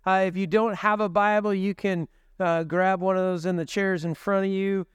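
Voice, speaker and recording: A man's voice: high voice, little pitch movement, normal speed, clear, resonant tone, no room sound, clean studio sound. A man preaching a sermon at a church service as the pastor, telling stories conversationally with joking asides.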